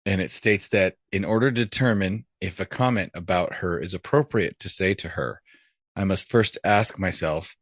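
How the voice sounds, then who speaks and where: Low-voiced man telling deadpan jokes. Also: moderate pace, no room sound, studio quality. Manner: deadpan joke delivery, laughs at own punchlines. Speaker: podcast co-host. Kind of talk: casual joke-telling chat.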